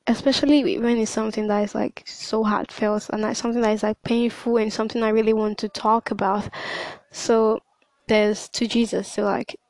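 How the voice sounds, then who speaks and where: A woman's voice: a little high, little pitch movement, normal speed, darkish tone, no echo, rough recording. A young woman talking casually in a hesitant monologue, full of fillers and restarts. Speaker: podcast host.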